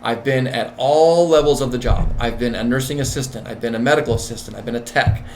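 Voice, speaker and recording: A man being interviewed as a nurse manager and executive coach, talking in an emphatic, repetitive, animated way. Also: mid-range voice, fast talker, slight background noise.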